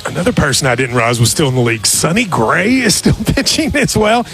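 A man's voice: on the high side, expressive, vocal fry, fairly bright tone, soft background music. A man hosting a sports radio show, chatting casually and joking about picks. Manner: joking, chatty, quick asides. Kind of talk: casual sports betting chat.

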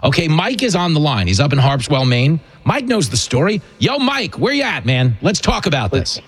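A man's voice: fairly high pitch, big pitch swings, normal speed, husky. A male talk radio host bantering with a caller in a mocking, joking manner.

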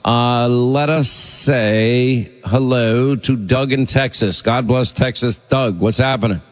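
Brisk talk radio host man. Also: medium pitch, fairly even intonation, in a large hall, soft background music. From Long Island, New York. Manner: brisk, chatty, pushes calls along.

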